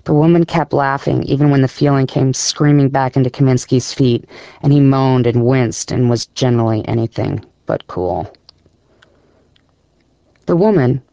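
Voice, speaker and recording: A man reading a story aloud in a measured, even storytelling voice with a gravelly edge. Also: medium pitch, no echo. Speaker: narrator. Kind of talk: scripted audiobook narration.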